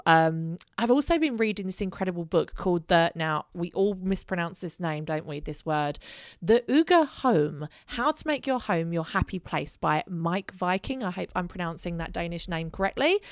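Woman podcast host, swears a lot, jokey, lowish voice, dry close sound. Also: no room sound. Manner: chatty, swearing, self-mocking. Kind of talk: casual solo podcast chat.

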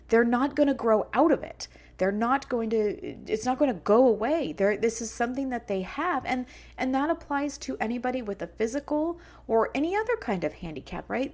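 A woman's voice: fairly high pitch, darkish tone. A middle-aged woman hosting a personal podcast, talking earnestly and emotionally about kindness and her children. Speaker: podcast host.

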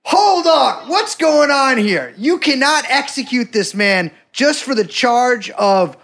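A man doing a brash, shouting lawyer. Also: extremely high pitch, lively intonation, slow, gravelly, voice pushed up, heavily acted. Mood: indignant. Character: loud brash male courtroom lawyer.

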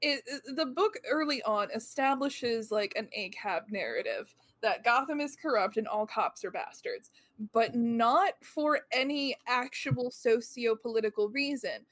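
A woman's voice: on the high side, lively intonation, a little slow, hardly any pauses, a bit bright. A woman co-hosting a casual comic book podcast, talking critically and with exasperation. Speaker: podcast co-host.

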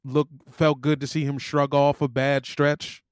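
A man co-hosting a casual sports podcast, breaking down the game and tossing in quick jokes. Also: mid-range voice, little pitch movement, clear, resonant tone, dry recording, studio quality. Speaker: podcast co-host.

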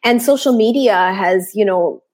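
A woman hosts an interview. She asks measured questions and warmly affirms what her guest shares. Her tone stays thoughtful and steady. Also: medium pitch. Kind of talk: casual conversational interview.

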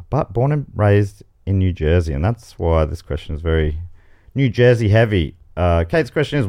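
An Australian man hosting a comedy game show podcast, reading out quiz questions with playful asides. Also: deep voice. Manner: playful, reads questions aloud with animated asides. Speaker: host.

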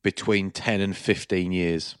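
A middle-aged man, chatting casually as a podcast co-host and telling animated stories. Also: low-pitched, unhurried, clean tone, no room sound, clean studio sound. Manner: chatty storyteller, animated anecdotes. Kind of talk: casual chat.

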